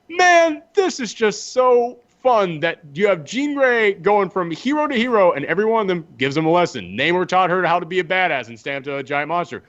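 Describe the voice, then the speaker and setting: Animated man with muffled sound. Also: sits high. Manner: animated, acts out characters in quick voices. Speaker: podcast co-host reviewing comics. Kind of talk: casual chat.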